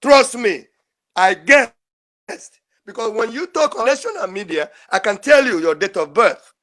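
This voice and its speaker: Older male caller, strikingly high-pitched, pleads emotionally and repeats himself. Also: expressive, measured pace, bright, forceful tone. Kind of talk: impassioned call-in speech.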